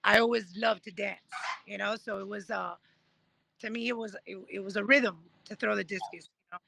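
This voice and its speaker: A woman in her thirties, a guest telling her story in a casual interview, animated and acting out what others said. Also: medium pitch, moderate pace, creaky, a little hiss or hum. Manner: animated, acts out quoted voices while telling stories. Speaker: guest, Paralympic discus thrower.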